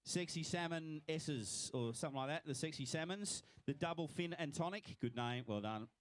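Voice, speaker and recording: A man's voice: a little high, lively intonation, moderate pace, dry recording. A man with an Australian accent, commentating live at a swim finish line and congratulating each swimmer by name.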